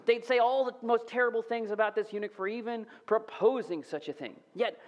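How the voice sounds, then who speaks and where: A man giving a casual, animated sermon, sometimes dropping to a whisper. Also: extremely high pitch, moderate pace. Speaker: preacher. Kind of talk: conversational sermon.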